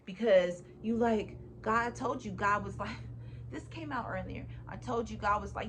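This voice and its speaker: A woman's voice: mid-range voice, unhurried, a little hiss or hum. A woman giving a casual tarot reading to her viewers, swearing freely, laughing often and repeating phrases for emphasis. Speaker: tarot reader.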